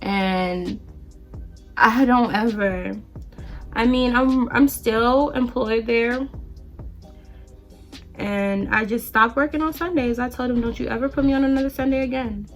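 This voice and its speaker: A woman's voice: fairly high pitch, unhurried, long pauses, soft background music. A young woman vlogger animatedly telling a storytime while getting ready, acting out the quoted lines. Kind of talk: storytime while doing her hair.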